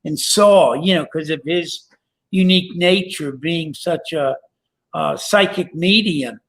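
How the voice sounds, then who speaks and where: A male podcast host in casual chat, rambling and halting with many fillers. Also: on the high side, fairly bright tone. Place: Pennsylvania.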